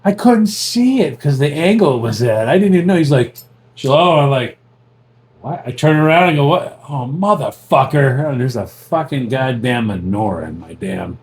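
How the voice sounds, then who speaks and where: A man's voice: mid-range voice, moderate pace, slight background noise. A man co-hosting a casual chat, telling stories with lots of swearing and laughter. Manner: profane, laughing, animated storytelling. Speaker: podcast co-host. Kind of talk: casual banter.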